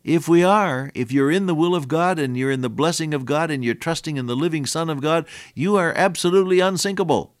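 A man's voice: on the high side, no room sound, clean studio sound. An older man preaching an earnest radio sermon, his voice rising and dropping in volume for emphasis.

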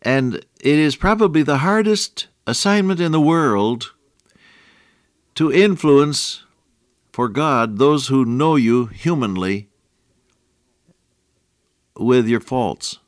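A man's voice: medium pitch, animated, slow pace, long pauses, no echo, studio quality. An older man teaching the Bible on the radio in a folksy, affectionate way that often breaks into a chuckle.

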